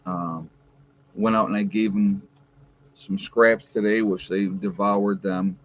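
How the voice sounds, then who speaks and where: A man's voice: fairly even intonation, takes it slowly, lo-fi sound, slight background noise. An American man chatting casually in a rambling livestream, full of fillers and restarts. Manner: high baby talk to his dogs. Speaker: vlogger.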